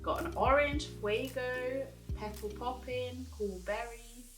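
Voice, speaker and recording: A woman's voice: on the high side, steady tone, slow pace. A woman giving a casual makeup review in a chatty, giggly way, rambling with fillers as she talks at her table. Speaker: beauty vlogger. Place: indoors at a table, echoey room. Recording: echoey room, voice from a distance, music behind.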